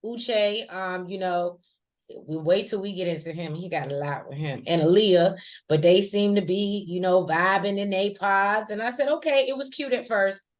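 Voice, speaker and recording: Woman, casual recap chat, chatty, slangy, lively asides. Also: mid-range voice, normal speed. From rural American South. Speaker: podcast co-host.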